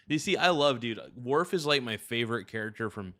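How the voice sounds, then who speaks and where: A man's voice: medium pitch, lively intonation, a little fast, hardly any pauses, sharp tone, dry recording, studio quality. A man hosting a livestream, chatting casually and crudely while thanking viewers for gifts. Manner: rambling, joking, crude. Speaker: livestream host.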